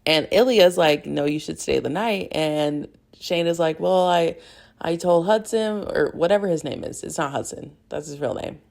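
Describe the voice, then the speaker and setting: A young woman hosting a podcast, recapping a show in a rambling, giggly, excitable way. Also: lowish voice, moderate pace, vocal fry. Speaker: podcast host. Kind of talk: casual fangirl recap.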